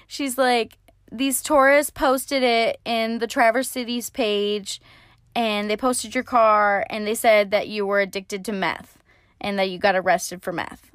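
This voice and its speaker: A woman's voice: medium pitch, measured pace, a bit bright, dry recording, clean studio sound. A young woman casually telling a story in a chatty, sarcastic way, swearing freely. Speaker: vlogger.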